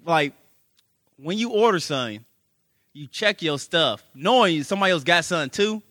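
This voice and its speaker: A man's voice: on the high side, animated, moderate pace, pushed and bright, no room sound, studio quality. A man co-hosting a casual podcast, teasing his friend and laughing often. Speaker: podcast co-host. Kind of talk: casual chat.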